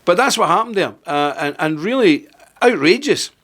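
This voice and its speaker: A man's voice: sits high, animated, normal speed, fairly bright tone. A man hosting a political commentary monologue, talking in an indignant, emphatic way and firing off rhetorical questions. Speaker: host.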